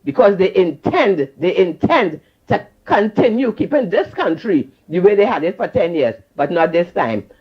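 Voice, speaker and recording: Ranting fervently on a call-in program, this Trinidadian-accented caller scolds and repeats lines over and over. The mid-range voice swings widely in pitch, moves at a moderate pace with few pauses, and sounds slightly rough, all muffled by a dull lo-fi line.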